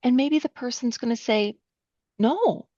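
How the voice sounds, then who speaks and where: A woman's voice: a little high, lively intonation, unhurried, darkish tone, dry recording. A middle-aged woman, a counselor, teaching a workshop patiently step by step, often checking in with her listeners. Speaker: counselor leading a training session. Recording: dull lo-fi sound, dry.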